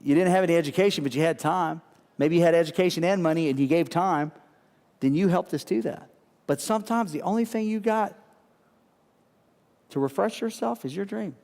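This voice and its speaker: A high-pitched man preaching with animated, repetitive call-and-response. His voice carries through a large church hall with a long reverb. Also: brisk, creaky, long pauses. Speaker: pastor. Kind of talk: sermon.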